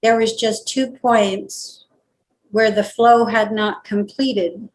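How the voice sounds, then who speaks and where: A woman's voice: medium pitch, little pitch movement, slow, low-quality recording. A woman talking casually and reflectively during a channeling practice session, thinking aloud with many fillers. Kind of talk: casual conversation.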